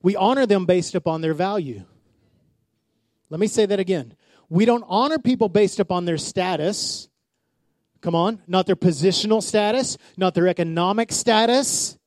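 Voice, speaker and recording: A man's voice: high voice, normal speed, darkish tone, dry recording. A man in his forties preaching a sermon, telling stories with acted-out quotes and calling on the congregation to respond. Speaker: pastor.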